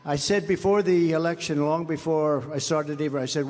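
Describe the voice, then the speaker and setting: A man's voice: a little high, moderate pace, hardly any pauses, a little mellow. An older American man giving a boastful, mocking campaign rally speech into a podium microphone, repeating his phrases often. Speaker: political rally speaker. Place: large indoor rally venue. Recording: reverberant arena sound with faint crowd ambience.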